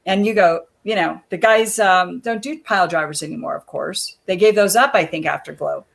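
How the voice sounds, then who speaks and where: A woman's voice: on the low side, moderate pace, vocal fry. A woman guest on a video call interview, telling stories in a chatty way and laughing often. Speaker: guest, former wrestler. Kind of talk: casual interview chat.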